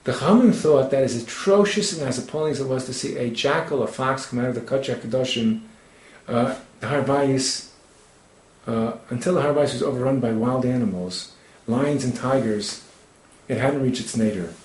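A man's voice: mid-range voice, moderate pace, a little mellow, roomy sound, low-quality recording. A man giving a Torah lecture, quoting Hebrew texts and translating them as he explains. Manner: expounds texts, quotes Hebrew then translates. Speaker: Torah teacher.

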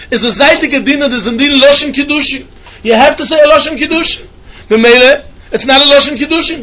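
Man, Talmud class, very high voice, sing-song questions, repeats himself. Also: fairly bright tone. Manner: sing-song questioning, repeats phrases, mixes Yiddish and Hebrew terms. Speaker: Talmud teacher. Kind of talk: yeshiva-style Talmud lesson.

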